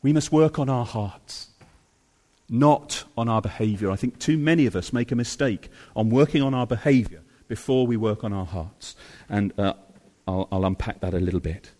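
A man preaching a sermon to a congregation, emphatic and repetitive, swinging between soft low phrases and loud high ones. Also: moderate pace. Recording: reverberant hall.

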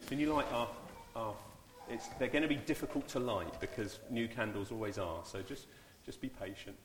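A man leading a church service in an informal, halting way, often repeating his words. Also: mid-range voice, a little hiss or hum. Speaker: church leader. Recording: echoey church hall, far mic.

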